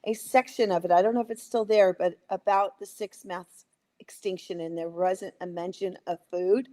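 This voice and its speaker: A woman's voice: mid-range voice, steady tone, moderate pace, dark tone. Impassioned woman in her sixties. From United States. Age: 60s. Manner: emotional, indignant, acts out voices. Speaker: guest. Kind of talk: impassioned talk-show commentary.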